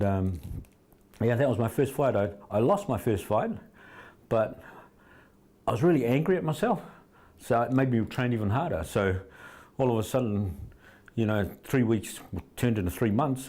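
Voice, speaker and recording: Low, mellow New man. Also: moderate pace. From New Zealand. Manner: rambling anecdotes with many restarts. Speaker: fight trainer, interview guest. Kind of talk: casual interview storytelling.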